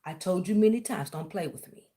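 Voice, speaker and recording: A woman's voice: on the low side, brisk, dark tone. A woman, ranting on her vlog and sarcastically accusing someone of spying on her. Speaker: vlogger. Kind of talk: confrontational callout rant.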